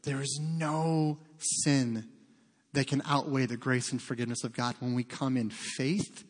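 A man's voice: mid-range voice, fairly even intonation, unhurried. Earnest preaching man in a reverberant church. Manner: earnest, conversational preaching with frequent asides. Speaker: pastor. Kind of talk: sermon. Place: church sanctuary. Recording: long reverb of a large hall.

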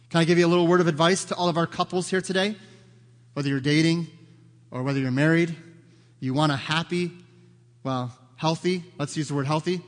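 A man preaching a sermon as pastor, earnest and conversational, sharing personal stories. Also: on the high side. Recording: long hall reverb.

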